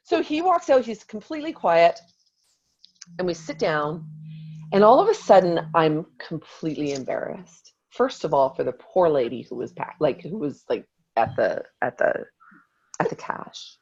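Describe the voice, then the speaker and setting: A woman in her forties telling a lively personal story in a motivational talk to her team, acting out what she said. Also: lowish voice, moderate pace, slightly rough, highs cut off. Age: 40s. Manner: animated storytelling, acts out quotes.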